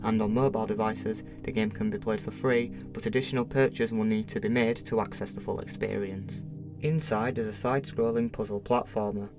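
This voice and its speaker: A man hosting a game review channel, reading a scripted review in a measured way with a slight lisp from a dental appliance. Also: lowish voice. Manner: measured, read-from-script delivery.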